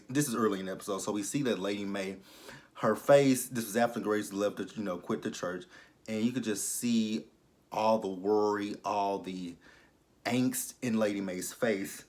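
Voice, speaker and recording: A man's voice: fairly low pitch, unhurried, a little mellow. A man recapping a TV episode in a blunt, exasperated, rambling way, full of fillers. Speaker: TV episode reviewer. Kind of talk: casual recap vlog.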